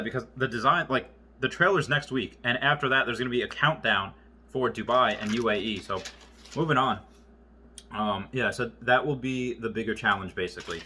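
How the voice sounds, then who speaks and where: Man, young adult, casual vlog commentary, reads from notes, husky, sharp. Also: medium pitch. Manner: rambling, reading from handwritten notes. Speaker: gaming and investment YouTuber.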